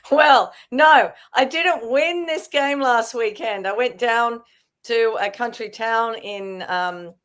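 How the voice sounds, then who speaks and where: A woman chatting as a podcast guest, telling stories in an animated way. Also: a little high, slow. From Australia. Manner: chatty, animated storytelling with fillers. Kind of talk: casual podcast chat.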